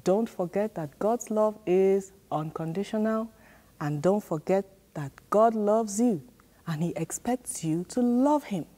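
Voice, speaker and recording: A woman's voice: mid-range voice, measured pace, warm tone, slight background noise. A woman teaching a children's church sermon, repeating key lines and prompting the children to answer and repeat after her. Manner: repetitive, emphatic, call-and-response prompts.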